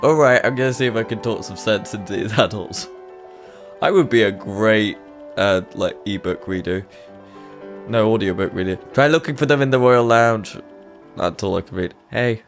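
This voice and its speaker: A man's voice: fairly low pitch, moderate pace, soft background music. A man giving casual, joking, rambling commentary while playing a video game. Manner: joking, rambling, self-deprecating. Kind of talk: casual let's-play commentary.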